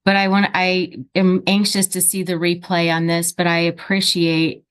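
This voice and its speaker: A woman in her fifties on a group video call, chatting in a lively storytelling manner. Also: fairly low pitch, normal speed, clean tone. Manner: chatty storyteller, acts out quoted speech. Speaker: real estate agent on a group call.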